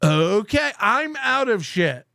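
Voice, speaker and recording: A man's voice: sits high, sing-song, slow pace, creaky, sharp tone, no room sound, clean studio sound. A man hosting a show, reacting to clips with sarcastic, profane commentary and frequent laughs.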